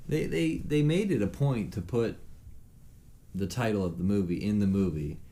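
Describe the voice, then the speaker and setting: A man's voice: on the low side, normal speed, warm tone. A man co-hosting a casual podcast chat, blunt and sarcastic, swearing freely. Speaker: podcast co-host.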